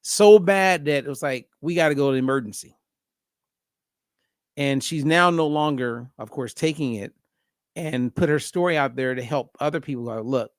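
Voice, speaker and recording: A man hosting a casual podcast conversation as a diet coach, telling a story with lively acted-out dialogue. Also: mid-range voice, no room sound, studio quality. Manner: animated storyteller acting out both sides of a phone call.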